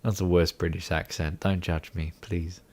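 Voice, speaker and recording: A man's voice: sits low, little pitch movement, moderate pace, darkish tone. A young man hosting a casual livestream chat, rambling and mocking himself with frequent laughter. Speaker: livestream host.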